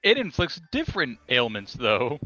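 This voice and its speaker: A man's voice: mid-range voice, wildly swooping pitch, moderate pace, bright, forceful tone, dry recording, muffled recording, faint music behind. A young man in casual chat with friends, quizzing them on monster trivia with enthusiasm and plenty of swearing.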